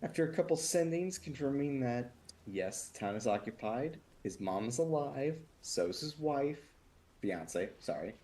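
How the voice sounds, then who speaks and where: A tabletop game player giving a casual recap of the last session, unhurried and stopping to correct themself. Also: medium pitch, expressive, dark tone. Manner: unhurried, with fillers and self-corrections.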